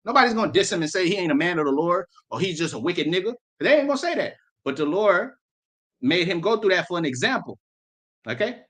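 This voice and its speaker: A man's voice: high voice, animated, quick pace, fairly bright tone. A man preaching, who reads old-style scripture and then explains it in blunt street slang, often repeating words. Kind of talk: sermon with scripture reading.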